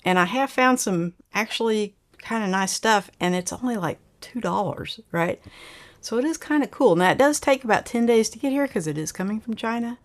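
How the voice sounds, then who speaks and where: A woman's voice: a little high, lively intonation, moderate pace. Chatty woman hosting a live stream. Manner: chatty, laughs often, reads viewer comments aloud. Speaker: livestream host reading chat. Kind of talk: casual live chat.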